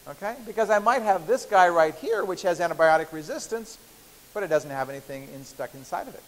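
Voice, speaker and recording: A man's voice: high voice, lively intonation, brisk. A man lecturing a university biochemistry class in a playful, chatty way, often checking in with the students. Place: large lecture hall. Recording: hissy lecture-hall recording with long reverb.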